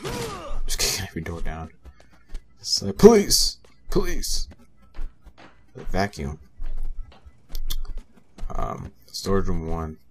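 A man's voice: deep voice, wildly swooping pitch, slow pace, long pauses, fairly bright tone, soft background music. A young man casually commenting on a game he is playing, rambling with lots of fillers and talking back to the characters. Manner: rambling, many fillers, mutters to himself. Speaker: gameplay commentator. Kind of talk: casual let's play commentary.

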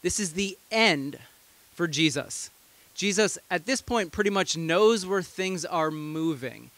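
Pastor, male, fairly high voice, relaxed storytelling sermon with amused asides, close and dry. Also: takes it slowly, no room sound.

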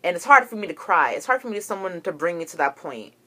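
Young woman venting on her vlog, kinda low voice, swearing a lot, heated. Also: sing-song, fast, pushed and bright, slightly rough. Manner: agitated, profane, storytelling. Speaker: vlogger. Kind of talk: ranting to camera.

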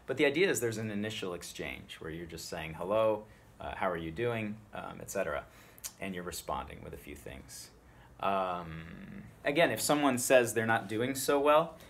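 A man with a very low voice gives a spoken Latin tutorial. He explains each phrase in a relaxed classroom manner, then repeats the Latin slowly for learners to copy. A faint hiss of noise sits behind him. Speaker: Latin teacher.

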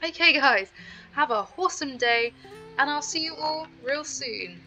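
A woman's voice: sits high, lively intonation, unhurried, pushed and bright, soft background music, rough recording. A woman hosting a gaming channel, chatting casually to her viewers as she plays. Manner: chatty, talks straight to viewers. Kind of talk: casual gameplay commentary.

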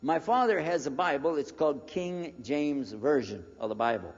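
An older American man in his sixties tells a story to an audience in a lively, lecture-style way, slipping into the voices of the people in it. His voice sits a bit high and has a husky grain. The recording is dull and lo-fi, with a long reverb from a large hall. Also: moderate pace. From United States. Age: 60s. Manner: animated storyteller who acts out the dialogue. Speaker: preacher giving a lecture.

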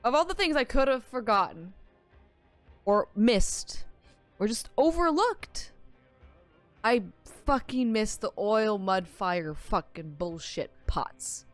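A woman with a somewhat high voice, talking through a game on a live stream. She is excitable and quick to swear, with frequent laughter breaking into her casual commentary. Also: soft background music.

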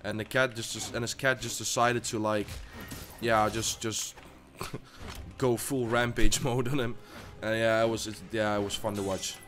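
A man commentating his own gameplay for his channel, jumping between loud outbursts and low muttering, often repeating himself. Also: flat delivery, unhurried. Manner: swears, stammers and repeats himself. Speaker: gaming YouTuber.

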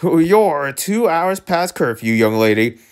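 A man's voice: fairly high pitch, very animated, takes it slowly, smooth, voice pushed up. A man voicing a worried, strict father scolding his daughter over her curfew.

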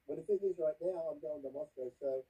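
A man's voice: on the high side, fast, recorded from a distance, highs cut off, over a noisy crowd. A man guesting on a casual chat, telling stories with animation and laughing at himself. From Australia.

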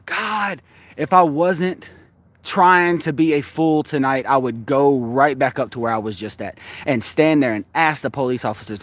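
A man's voice: mid-range voice, normal speed, fairly bright tone, no room sound. A man on a live-stream vlog, arguing and then muttering to himself, recorded outdoors in a parking lot at night on a handheld phone. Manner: agitated, argumentative, muttering to himself. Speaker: live streamer exploring locations.

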